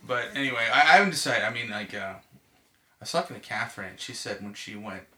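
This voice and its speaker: Man from Texas, bright tone, rambling casual chat, filler-heavy. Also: mid-range voice, expressive, fast talker, a little hiss or hum. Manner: rambling, full of "like" and restarts.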